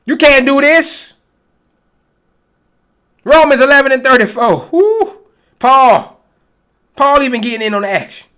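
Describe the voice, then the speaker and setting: A man delivers a street-style sermon with a high, bright voice. He is blunt and confrontational, cursing freely and mocking his critics between scripture readings. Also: lively intonation, unhurried, pauses often, smooth. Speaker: preacher.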